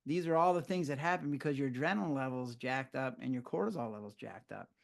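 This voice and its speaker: A man's voice: mid-range voice, fast, gravelly. An older man, a physician, explaining stress in a conversational interview and acting out his own reactions as he tells stories. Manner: animated storyteller who acts out his own reactions. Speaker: physician guest.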